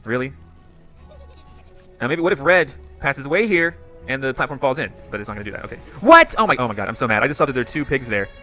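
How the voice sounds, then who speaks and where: A man commentating his own gameplay, excitable and quick to burst into frustrated outcries. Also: medium pitch, soft background music. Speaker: gamer. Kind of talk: game commentary.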